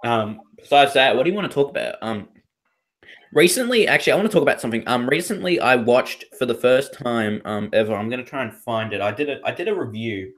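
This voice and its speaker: A young man with an Australian accent rambles through a casual podcast chat, leaning on fillers and restarting his sentences. His voice sits in an ordinary middle pitch. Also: expressive, fast talker, few pauses, a bit bright. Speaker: podcast co-host.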